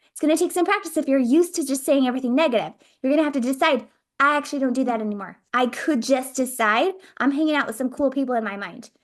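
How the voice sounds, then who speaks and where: A woman with a high voice hosts a motivational talk. She speaks straight to the listener in an upbeat, encouraging way and acts out the thoughts in her head as she goes. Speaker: podcast host.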